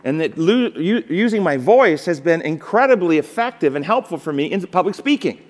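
A man's voice: fairly high pitch, lively intonation, normal speed. Man lecturing in a reverberant hall. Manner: emphatic, asks the audience rhetorical questions. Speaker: seminar instructor. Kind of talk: live seminar lecture on public speaking. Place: large seminar hall.

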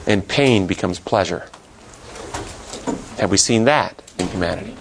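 A man's voice: low voice, creaky, slight background noise. A man teaching a classroom Bible lesson, asking the class questions and then answering them himself.

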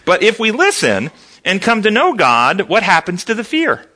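A man leads a Bible study, his voice high and bright. He swings his pitch widely as he throws questions to the class and answers them himself. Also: moderate pace, slight background noise. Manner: animated, asks the class questions. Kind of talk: interactive Bible study lesson.

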